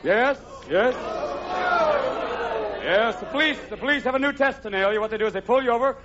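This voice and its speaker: A man's voice: very high voice, fairly quick, noisy background. A man performing live stand-up comedy on a theater stage, jumping manically between silly character voices. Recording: lo-fi live recording with loud laughing crowd.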